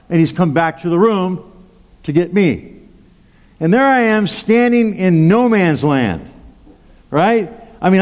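A male pastor preaching a sermon, telling a personal story in a chatty way with asides like "okay?" and "right?". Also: sits high. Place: large church hall. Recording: long hall reverb.

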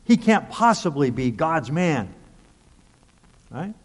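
A man with a high-pitched voice preaching a sermon. He reads scripture aloud and presses each point harder as he goes, his voice ringing out in a hall with long reverb. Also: very animated, slow. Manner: preaches with rising intensity, reading scripture aloud emphatically. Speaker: pastor.

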